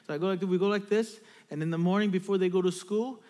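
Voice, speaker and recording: Speaking quickly in a voice that sits high, this pastor delivers a sermon in a large church sanctuary. After reading scripture, he animatedly directs the congregation through an interactive exercise with instructions aimed straight at them.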